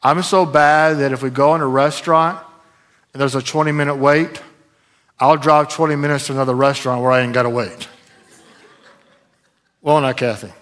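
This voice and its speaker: Bright-voiced, animated preaching man. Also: mid-range voice, normal speed, pauses often. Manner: animated, conversational preaching with sudden loud bursts. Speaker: pastor. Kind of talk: sermon.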